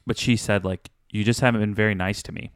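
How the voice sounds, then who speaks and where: A man's voice: lowish voice, fairly even intonation, quick pace, clear, resonant tone, no room sound, clean studio sound. A man in his thirties co-hosting a podcast, telling a candid personal story in a confessional, casual way. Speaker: podcast co-host. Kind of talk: casual chat.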